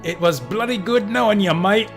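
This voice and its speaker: A man's voice: sits high, moderate pace, voice pushed up. A man voicing a brash young Australian woman thief in a hammy, playful put-on Australian accent, over faint game music. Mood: fond farewell. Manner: hammy, playful slang-heavy farewell delivery.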